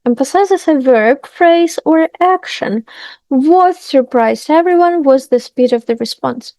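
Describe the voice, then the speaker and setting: Female English teacher, mellow dark tone, dry close sound, reads examples aloud. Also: a little high, vocal fry, no room sound. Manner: reads vocabulary and example sentences aloud, pauses to comment. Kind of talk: language lesson.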